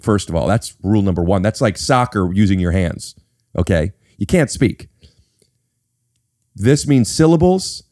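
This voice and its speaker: In a mellow, medium-pitched voice, a podcast host and actor chats casually into a studio mic with no room sound. His explanations have a playful, mock-serious flavor.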